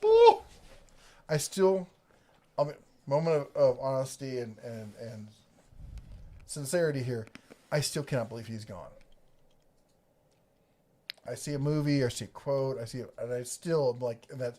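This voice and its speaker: A middle-aged man from the Ohio and Kentucky area hosts a casual tool livestream, reading viewer comments. His voice is medium-pitched, brisk, and mellow, and he rambles and jokes, often breaking off mid-sentence.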